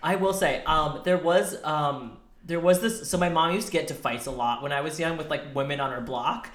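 A New Yorker in casual chat, lively, laughing often and swearing. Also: mid-range voice, fairly quick. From New York City. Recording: echoey room.

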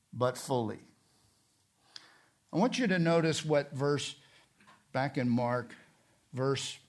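A man preaching a sermon, repeating his points and asking rhetorical questions, swinging from quiet to loud and emphatic. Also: fairly high pitch. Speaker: pastor.

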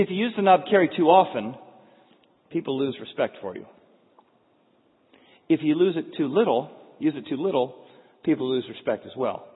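A man preaching a sermon, telling stories in an animated way with frequent restarts. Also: fairly high pitch, breathy edge. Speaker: pastor. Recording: phone-like sound in echoey hall.

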